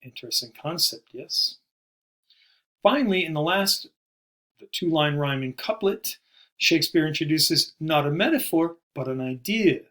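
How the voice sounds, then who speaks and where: A man giving a recorded poetry lesson, explaining terms in a measured way and slowing down to stress key words. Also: fairly high pitch, expressive, a bit bright. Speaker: poetry teacher. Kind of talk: recorded video lecture.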